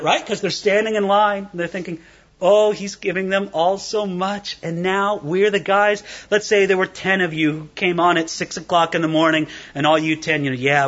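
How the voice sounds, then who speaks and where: A man's voice: sits high, a bit bright, husky, dull audio. A man preaching an expository sermon, asking rhetorical questions and acting out little scenes for his listeners. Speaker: pastor.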